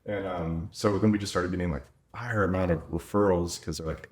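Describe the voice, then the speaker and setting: A man's voice: sits low, fast, hardly any pauses. A man in his thirties, a veterinarian and clinic owner, chatting casually on a podcast and quoting the people in his stories. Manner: chatty, quotes himself and others, lots of "like".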